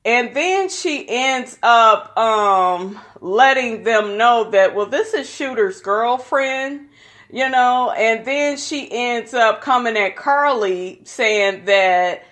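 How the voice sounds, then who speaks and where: A woman's voice: a little high, slow, fairly bright tone. A woman giving a casual, gossipy recap of a reality TV episode, blunt, opinionated and full of profanity.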